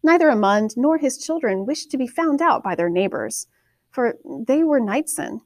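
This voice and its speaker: A woman narrating a fantasy novel in a steady, measured storytelling manner. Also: high-pitched, dry recording. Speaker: audiobook narrator.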